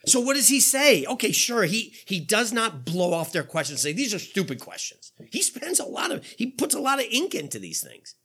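A man in his fifties delivering a sermon in a church, his voice high and bright with a slightly husky edge. He keeps it loose and conversational and asks the congregation rhetorical questions, his pitch swinging widely as he goes. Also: wildly swooping pitch, moderate pace, few pauses. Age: 50s. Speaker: pastor.

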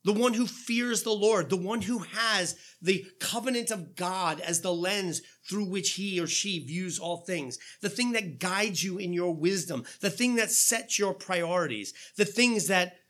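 Pastor guy preaching in church, earnest, lots of questions, high voice. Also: unhurried, a bit bright. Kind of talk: sermon.

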